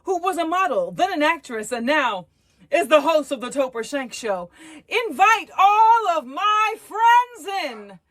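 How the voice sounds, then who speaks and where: A woman's voice: high-pitched, fairly bright tone, voice pushed up, heavily acted. A woman voicing a flamboyant, grandiose female showbiz host and former model, announcing in a showy, dramatic way. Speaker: segment host. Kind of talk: comedic character segment.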